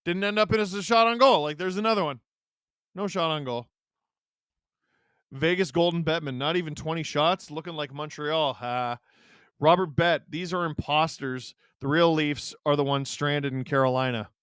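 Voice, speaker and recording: High-voiced sarcastic male stream host. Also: moderate pace, a bit bright, clean tone, no echo, clean studio sound. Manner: sarcastic, joking banter. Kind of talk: casual watch-along commentary, reading chat.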